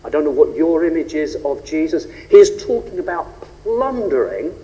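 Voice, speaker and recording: A man preaching a sermon, rhetorical and animated, rising and falling for emphasis. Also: normal speed, dull audio. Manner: animated, rhetorical, shifts pitch and pace for emphasis. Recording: long reverb of a large hall.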